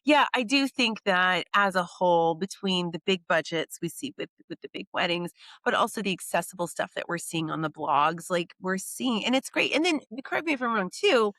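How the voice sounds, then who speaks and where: A middle-aged woman chatting as a guest on a podcast, animated and full of quick asides. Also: fairly low pitch, dry recording. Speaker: guest, wedding PR expert. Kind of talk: casual podcast chat.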